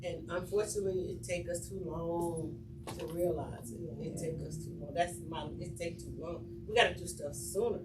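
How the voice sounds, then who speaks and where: A woman on a panel sharing personal memories in an earnest, reflective way, her voice often dropping to a hush. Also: fairly low pitch, fairly even intonation, normal speed. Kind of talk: personal storytelling. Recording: echoey room from far off, noisy.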